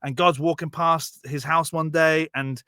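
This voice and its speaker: A man telling a Bible story as a rambling, profane, jokey comedy podcast bit, slipping into quick character voices. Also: fairly high pitch, steady tone, sharp tone, smooth, no echo, clean studio sound.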